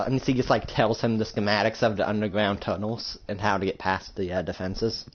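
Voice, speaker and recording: A man's voice: lowish voice, steady tone, fairly quick, hardly any pauses. A man improvising and narrating a story role-play with a friend, rambling with many fillers. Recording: dull lo-fi recording.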